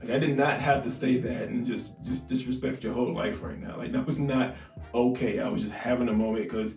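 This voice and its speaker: Calm reflective man in an echoey room. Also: medium pitch, fairly quick. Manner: calm, reflective, frequent agreeing and laughs. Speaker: podcast co-host. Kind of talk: casual chat about their relationship. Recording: roomy echo, mic at a distance, faint music.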